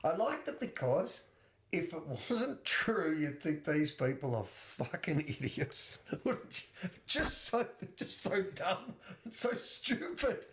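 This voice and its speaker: A man's voice: fairly high pitch, very animated, slow, fairly bright tone. A man co-hosting a casual film podcast, talking enthusiastically with laughter and swearing. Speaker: podcast co-host. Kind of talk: casual chat.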